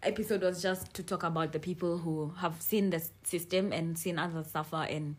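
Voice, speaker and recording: A woman's voice: on the low side, a little fast, breathy edge. Blunt woman podcast host. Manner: blunt, frank and animated, swears freely. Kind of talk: casual chat.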